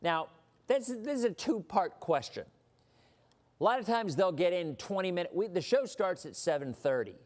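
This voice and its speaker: A man's voice: high voice, animated, normal speed, a little mellow. A man hosting a weather livestream, chatting casually in a rambling way with mock-indignant asides.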